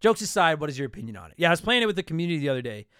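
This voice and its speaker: A man's voice: on the high side, very animated, racing, fairly bright tone, clean tone, dry recording, studio quality. A man in his thirties from Canada hosting a casual solo podcast, answering listener questions in a blunt, profane, joking way.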